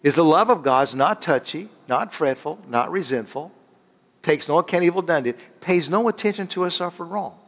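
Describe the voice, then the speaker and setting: A man preaching, animated, stopping to search for words and drawing answers from the congregation. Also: fairly high pitch, moderate pace. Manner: animated, call-and-response with congregation; rambling, restarts and searches for words. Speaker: guest preacher. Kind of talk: sermon.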